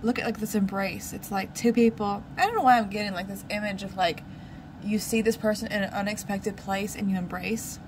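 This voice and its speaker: A woman's voice: medium pitch, fairly even intonation, fairly quick, background noise. A woman giving a casual tarot reading, musing aloud and repeating her questions to the cards. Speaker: tarot reader.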